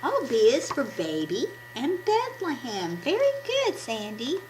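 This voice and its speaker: A woman with a scratchy voice, hoarse from a cold, hosting a children's puppet show and encouraging the kids as a story is read. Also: on the high side, a little slow. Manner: warm, encouraging teacher talk to children. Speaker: puppet ministry host. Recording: steady background noise.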